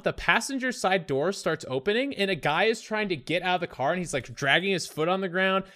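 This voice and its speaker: A man co-hosting a podcast, telling a profane story in casual chat and acting out shouted quotes. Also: high-pitched. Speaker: podcast co-host.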